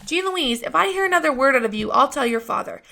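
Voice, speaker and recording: A woman's voice: high-pitched, lively intonation, quick pace, creaky, bright, forceful tone, exaggerated voice. A woman voicing a strict, prim older aunt who scolds a child in a storybook reading. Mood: scolding.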